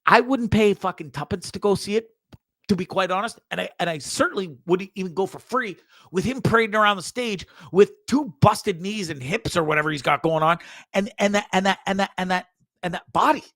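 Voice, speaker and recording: A man's voice: sits high, fairly quick, fairly bright tone, dry recording, studio quality. A man hosting a show, casually commenting on videos with frequent swearing, stammered repeats and laughter. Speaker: show host.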